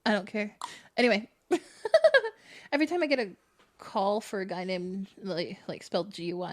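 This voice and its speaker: A woman's voice: medium pitch, expressive, normal speed. A young woman co-hosting a casual podcast, telling rambling stories and often cutting herself off mid-sentence. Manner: rambling, self-interrupting storyteller. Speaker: podcast co-host. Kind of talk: casual chat.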